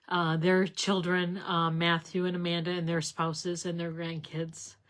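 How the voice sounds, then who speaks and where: A woman's voice: lowish voice, fairly bright tone. A middle-aged woman hosting a live card-making stream, talking casually and rambling a little as she greets viewers by name. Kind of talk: casual live craft demonstration.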